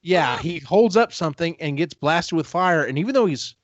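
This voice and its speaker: Fairly high in pitch and lively in intonation, a man hosts a podcast with no echo on the dull, dry lo-fi recording. He recaps a book in a rambling, casual style, now and then quickly acting out a character's line.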